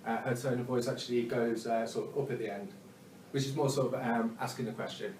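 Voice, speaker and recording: A man's voice: mid-range voice, steady tone, fairly quick, a little mellow, slight background noise. Hesitant male sales trainer, echoey room. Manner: hesitant, many ums and uhs, frequent "okay?" check-ins. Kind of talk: spoken training talk. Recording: echoey room, mic at a distance.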